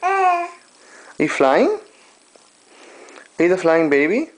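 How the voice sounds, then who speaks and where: A man's voice: high voice, wildly swooping pitch, slow pace. A man doing playful, sing-song baby talk to his infant daughter while filming her on a handheld home camera at home.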